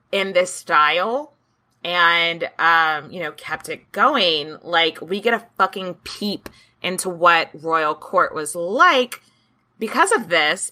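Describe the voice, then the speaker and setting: A woman's voice: on the low side, pushed and bright. A woman co-hosting a podcast, chatting casually and playfully about history and swearing now and then. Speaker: podcast co-host.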